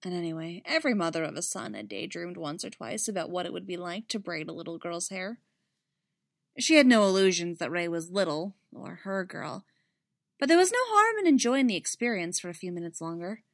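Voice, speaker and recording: Soft-spoken woman reading a story. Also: on the low side, very animated, fairly quick, vocal fry, no room sound, studio quality. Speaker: narrator. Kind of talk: audiobook reading.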